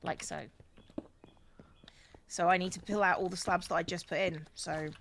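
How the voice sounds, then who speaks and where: A woman's voice: lowish voice, fairly even intonation, moderate pace, vocal fry, a bit bright. A woman chatting casually with a friend while they play a building game, teasing and sarcastic. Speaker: co-player and regular. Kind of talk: casual chat while gaming.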